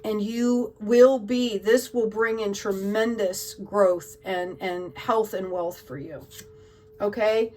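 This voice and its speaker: A woman's voice: mid-range voice, fairly even intonation, takes it slowly, darkish tone, recorded from a distance, slight background noise, poor audio. A woman giving a tarot card reading to her viewers in an emotional, gushing way, often checking in with "okay?". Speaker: tarot reader.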